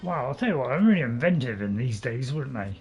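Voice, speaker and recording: A man's voice: mid-range voice, sing-song, fast talker, faint music behind. A man commentating casually on his own game playthrough, joking and teasing himself as he goes. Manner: chatty, joking, self-mocking, tries silly voices. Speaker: gameplay commentator. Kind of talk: casual let's play commentary.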